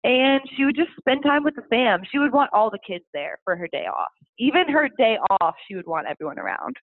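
A woman's voice: a little high, expressive, a little fast, no room sound. A woman guest telling family stories in a chatty way, laughing often. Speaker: interview guest. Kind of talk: casual storytelling. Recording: phone-like dry sound.

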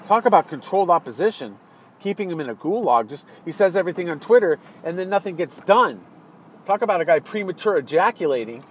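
An American man ranting angrily about politics, swearing constantly and swinging between low muttering and exasperated yelling. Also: animated, quick pace, breathy edge. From United States. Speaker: political commentator. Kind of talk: angry political rant.

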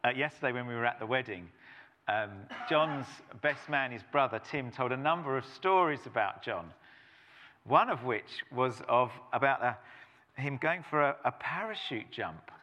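A man's voice: mid-range voice, moderate pace. A middle-aged man, preaching a sermon as a pastor, telling stories with playful asides. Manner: animated storytelling with playful asides. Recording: long reverb of a church hall.

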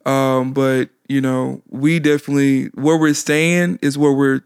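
A man co-hosting a podcast, speaking reflectively with many pauses and fillers. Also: mid-range voice, flat delivery, smooth, no room sound, studio quality. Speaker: podcast co-host. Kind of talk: casual podcast talk.

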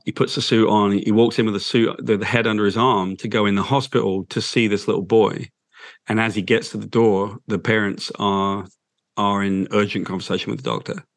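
A man speaks as an interview guest, his voice sitting a little low and recorded dry and close. He tells a moving story slowly and haltingly, with soft restarts. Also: no room sound.

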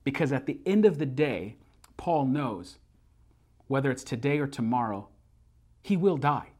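A man preaching a sermon, earnest and building to emphatic repeated phrases, slowing down to recite a creed. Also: mid-range voice, lively intonation, a little mellow. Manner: slows down to recite a memorized creed. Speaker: pastor.

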